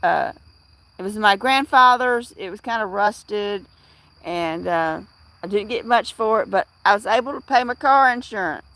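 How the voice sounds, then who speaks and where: A woman's voice: medium pitch, expressive, moderate pace, fairly bright tone, dry recording. A middle-aged woman hosting a casual livestream, rambling with many fillers and restarts as she answers viewers in chat. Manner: replies to chat viewers by name. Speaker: livestream host.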